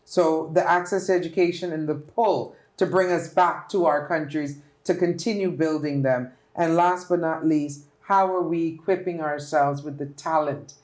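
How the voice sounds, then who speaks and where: A woman's voice: sits low, steady tone, moderate pace, hardly any pauses, darkish tone, echoey room. A woman politician from the Turks and Caicos Islands with a local accent, giving earnest, emphatic interview answers. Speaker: politician guest.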